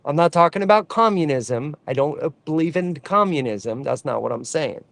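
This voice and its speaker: A fervent man delivers a rallying rant straight to camera, hammering home his points through repetition. His voice sits a little higher than most men's and is recorded close and dry, with no room sound. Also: expressive, normal speed, creaky, fairly bright tone, no room sound. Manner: fervent, preachy, repeats lines for emphasis. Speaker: trucker advocate. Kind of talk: impassioned direct-to-camera rant.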